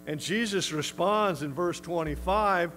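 A man's voice: high voice, unhurried, fairly bright tone, slight background noise, poor audio. A male pastor preaching a sermon in an emphatic, conversational way. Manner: emphatic, conversational, acts out quotes.

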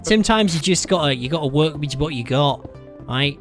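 A British man hosting a casual gaming session, loud and joking, often laughing and playing with mock slang. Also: fairly high pitch, animated, fairly quick, faint music behind. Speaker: gaming YouTuber host.

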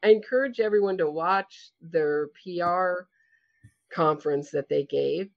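A woman's voice: on the low side, a little slow, gravelly. A woman with a New York accent, a podcast guest explaining things in a chatty way with frequent restarts. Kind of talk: casual podcast interview. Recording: slightly dull, lo-fi audio.

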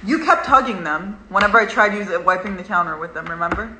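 A woman's voice: medium pitch, quick pace, pushed and bright, roomy sound, a little hiss or hum, poor audio. A young woman joining her friends on a casual livestream, wry and blunt.

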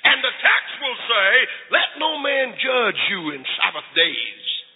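A preacher voicing the devil's scheming imps, slow and sly, in a tinny recording from a hall. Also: male voice, extremely high pitch, big pitch swings, breathy edge, heavily acted.

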